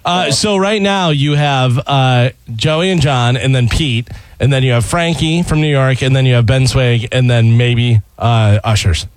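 A man's voice: mid-range voice, measured pace, hardly any pauses, no room sound. A man joining a radio talk show as a regular, chatting casually and teasing the others. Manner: teasing, talks over others. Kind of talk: casual banter.

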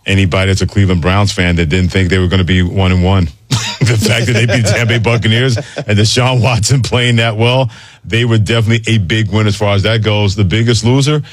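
Radio host guy, low voice, dry close studio sound, chatty and brisk. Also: fairly even intonation, no room sound. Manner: conversational, brisk read of promos. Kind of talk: sports talk radio hosting. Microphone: studio mic.

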